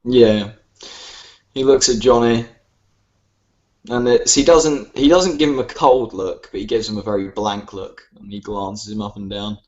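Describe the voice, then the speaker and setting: Low-voiced game master, muffled call audio. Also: male voice, fairly even intonation, unhurried, a little mellow. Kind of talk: narrating a tabletop role-playing game. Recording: muffled online voice chat.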